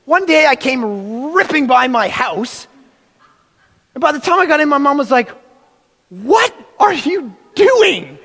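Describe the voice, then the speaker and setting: A man preaching a sermon with a high voice. He tells a story in an animated way and acts out the quotes. His voice rings with the long reverb of a large hall. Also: moderate pace.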